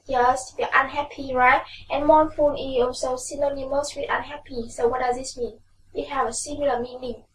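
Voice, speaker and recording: A woman with a Vietnamese accent teaching English vocabulary in a classroom, repeating each word slowly for pronunciation. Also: high-pitched, steady tone, echoey room, distant mic, a little hiss or hum, poor audio. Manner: slow, drilling words with repeated pronunciation.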